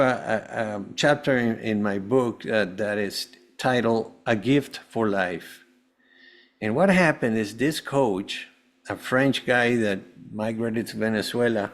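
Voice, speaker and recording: A man's voice: on the low side, vocal fry. A man, a holistic health coach, telling his personal story as a podcast guest in an earnest, rambling way with many restarts.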